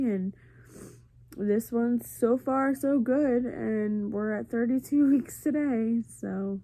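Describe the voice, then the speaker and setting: A woman's voice: on the high side, mellow. A tired, congested woman talking earnestly and confidingly to her camera in a casual personal vlog. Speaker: family vlogger.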